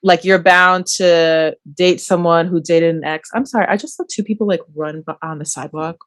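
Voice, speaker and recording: A woman's voice: fairly low pitch, steady tone, moderate pace, no room sound. Dry-voiced teasing young woman co-host. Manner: teasing, wry asides. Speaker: podcast co-host. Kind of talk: casual chat.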